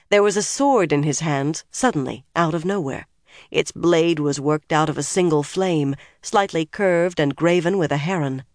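Audiobook narrator, measured and expressive delivery, mid pitch, dry recording. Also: no echo. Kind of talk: scripted narration.

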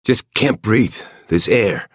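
A man voicing an awkward, weary male colonist in an audiobook, speaking woodenly and haltingly. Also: fairly low pitch, expressive, slightly rough, no echo, studio quality, pitched above the performer's own voice, full character voice.

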